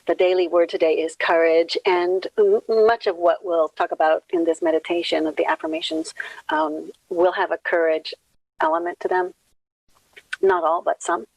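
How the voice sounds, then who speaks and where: Low gravelly woman guiding meditation. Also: expressive, dry recording, rough recording. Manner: gentle, unhurried, counts breaths slowly. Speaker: minister leading meditation. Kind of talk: guided meditation.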